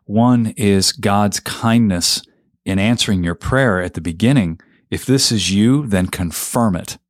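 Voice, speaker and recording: Low-voiced affirming podcast host. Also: male voice, unhurried, no room sound, studio quality. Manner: affirming, reflective responses. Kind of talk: interview reflection.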